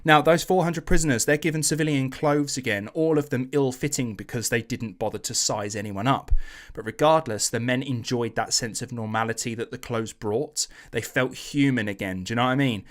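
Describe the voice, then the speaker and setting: A man hosting a podcast, telling a history story in a casual, animated way, swearing and acting out quotes in slangy voices. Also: medium pitch, brisk.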